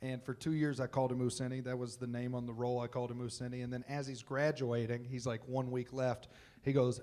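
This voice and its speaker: A man in his thirties, a comedian and former teacher, telling stories live on stage into a handheld mic, animated and jokey with quiet reflective stretches. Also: mid-range voice, fast.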